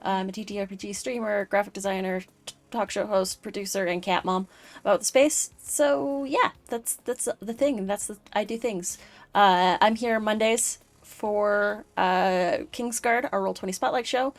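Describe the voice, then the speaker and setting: A woman's voice: medium pitch, moderate pace. A woman hosting a live-streamed chat show, rambling through her list with lots of "uh"s. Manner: rambling, full of fillers. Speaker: host.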